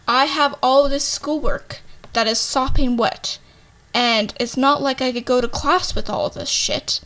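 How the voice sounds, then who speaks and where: A woman's voice: sits high, slow pace, a bit bright. A young woman casually telling a storytime tale, full of fillers and "like," and swearing freely. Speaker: vlogger.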